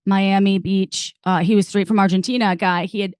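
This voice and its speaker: A woman's voice: medium pitch, normal speed, clear, resonant tone, no echo. Rambling woman podcast host, dry sound. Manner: rambling, animated storytelling with many fillers. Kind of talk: casual podcast chat.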